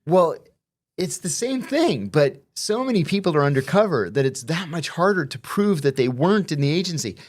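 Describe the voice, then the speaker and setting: A man's voice: on the high side, lively intonation, normal speed. A middle-aged man, a former intelligence officer, talking in a casual conversation with emphatic, wry asides.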